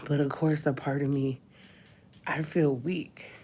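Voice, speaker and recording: A woman's voice: deep voice, steady tone, a little slow, warm tone, slight background noise. A woman in her thirties crying as she talks in a confessional vlog, her voice breaking into whispers and sighs. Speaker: vlogger. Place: hospital room.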